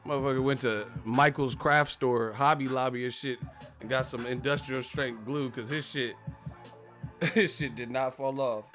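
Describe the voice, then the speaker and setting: A man's voice: medium pitch, fairly even intonation, measured pace, a bit bright, soft background music. Profane laughing man on a live stream. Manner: laughs often, profane, slangy, imitates others. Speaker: commentator. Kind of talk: casual live-stream commentary.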